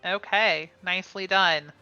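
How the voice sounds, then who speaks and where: A woman's voice: lowish voice, fairly even intonation, a little slow, bright, forceful tone, smooth, dull audio, soft background music. A woman running a tabletop game as game master, calling rolls and describing attacks with small laughs. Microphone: streaming mic.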